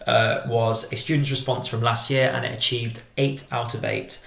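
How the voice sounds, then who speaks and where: Gravelly man teaching a drama lesson. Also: mid-range voice, fairly bright tone, reverberant. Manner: measured, methodical explaining. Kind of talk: exam-prep lesson.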